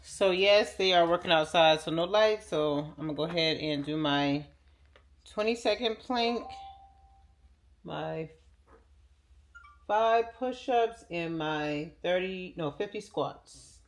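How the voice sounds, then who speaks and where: A woman's voice: on the low side, slow, pauses often. Woman vlogger, 40s, bubbly and talkative, home recording with faint noise. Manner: chatty, excitable, addresses viewers as y'all. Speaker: lifestyle vlogger. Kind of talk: casual chat to camera. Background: dog barking.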